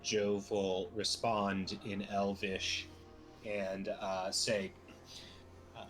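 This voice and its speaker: A man playing a tabletop game, speaking for his character with hesitant pauses and fillers. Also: on the low side, little pitch movement, a bit bright, soft background music. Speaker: player.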